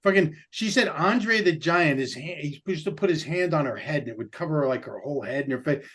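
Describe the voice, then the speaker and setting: A man on a casual podcast cracking jokes and telling a quick story. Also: fairly high pitch, animated, a bit bright. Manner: quick joking interjections. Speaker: podcast co-host.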